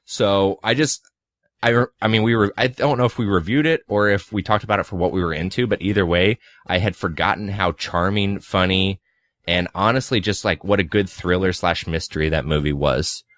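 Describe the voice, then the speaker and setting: A man in his twenties with a very low voice chats loosely about movies on a podcast, piling up fillers and dropping sarcastic asides. The sound is dry and close, with no room around it. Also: brisk, fairly bright tone, dry recording. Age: 20s. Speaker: podcast co-host.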